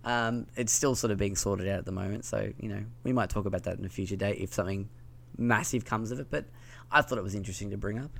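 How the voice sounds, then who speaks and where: A man's voice: fairly low pitch, fast, vocal fry, fairly bright tone. A man with a slight lisp hosting a casual gaming news podcast, talking in a loose, rambling way with plenty of ums and likes. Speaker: podcast host.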